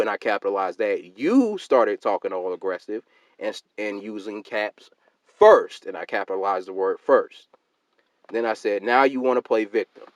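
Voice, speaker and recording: Man, low voice, dry close sound, emphatic rant, reads out comments. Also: dry recording. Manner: emphatic, rising loud when quoting his own replies. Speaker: channel host. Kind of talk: ranting commentary reading out comments.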